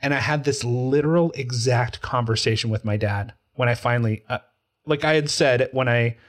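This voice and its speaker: A man in his forties talks through a TV drama in a relaxed podcast chat. His voice sits at a middling pitch, and his delivery is emotional and animated. He breaks into quoted voices as he tells a personal story. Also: moderate pace. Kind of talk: casual chat about a TV show.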